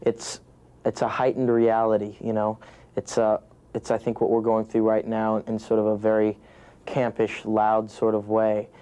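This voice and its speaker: Brief: young American man, low, dark and monotone, rambling junket answers. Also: moderate pace. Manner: rambling, many restarts and "you know" fillers. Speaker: actor being interviewed. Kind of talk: press junket interview.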